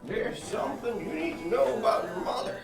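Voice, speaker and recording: A man putting on a hushed, solemn old storyteller. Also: very high-pitched, animated, creaky, reverberant, far from the mic, music in the background, voice pushed up, heavily acted. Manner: hushed, dramatic, slow.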